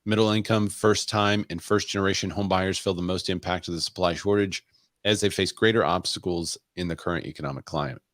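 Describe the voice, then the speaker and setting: Deep voiced guy cohosting a real estate podcast, dry close sound, wry jokes. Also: fairly even intonation, brisk, fairly bright tone, no echo. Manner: wry, sarcastic asides. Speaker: podcast co-host. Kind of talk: casual podcast banter.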